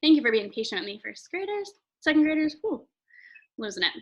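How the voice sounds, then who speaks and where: A woman's voice: high voice, sing-song, brisk, lo-fi sound. A woman teacher giving a recorded phonics lesson to young children, friendly and chatty, stretching out example words. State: throat tickle, clears throat often. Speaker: elementary school teacher.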